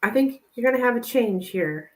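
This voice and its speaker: Reading tarot live, this woman talks with her viewers and thinks out loud, saying "like" a lot. She sounds animated, her voice on the high side, at a normal speed.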